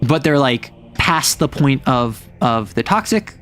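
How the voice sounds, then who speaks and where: A man streaming a casual chat, retelling a story in an animated, rambling way full of fillers. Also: medium pitch, unhurried, soft background music.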